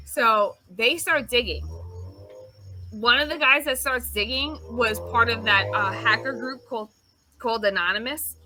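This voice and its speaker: A woman's voice: on the high side, unhurried, faint music behind, poor audio. A woman co-hosting a casual podcast, retelling a story with lots of swearing and acted-out quotes. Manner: animated storyteller, swears freely, acts out quotes. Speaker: podcast host.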